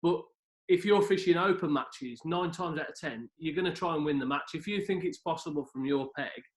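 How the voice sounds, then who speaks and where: A man's voice: fairly high pitch, brisk. A man chatting casually on a video call, often asking for agreement. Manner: chatty, laughs easily, asks for agreement. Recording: echoey room on a video call.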